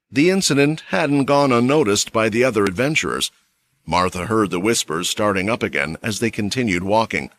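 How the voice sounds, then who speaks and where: A man narrating a fantasy story recap with an expressive, dramatic delivery. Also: fairly low pitch, brisk.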